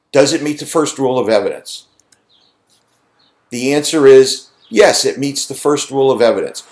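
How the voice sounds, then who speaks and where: Man giving a conversational lecture. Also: mid-range voice. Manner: conversational, poses rhetorical questions. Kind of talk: recorded lecture.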